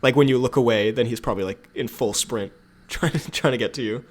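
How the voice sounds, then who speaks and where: A man co-hosting a casual podcast, laid-back and quick with jokes, laughing often between points. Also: medium pitch. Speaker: podcast co-host. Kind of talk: casual chat. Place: at home in quarantine.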